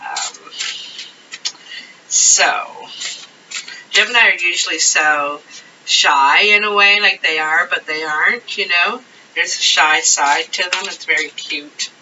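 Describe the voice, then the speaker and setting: A woman's voice: fairly low pitch, slow pace, pauses often, bright, forceful tone, far from the mic, dull audio, a little hiss or hum. A woman giving a casual tarot reading to camera, chatty and rambling with many fillers. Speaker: tarot reader.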